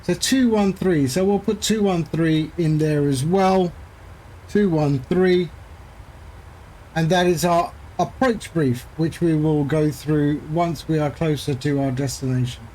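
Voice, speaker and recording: A man's voice: on the high side, a little slow, dark tone. A man streaming a flight simulator, chatting casually and rambling with jokey asides to his viewers. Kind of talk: casual chat while flying a sim.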